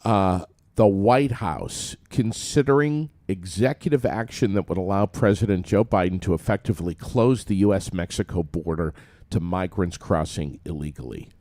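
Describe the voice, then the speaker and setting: A man's voice: low voice, normal speed, dark tone. A man co-hosting a casual morning talk show, reading news headlines and bantering wryly. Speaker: radio co-host. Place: studio.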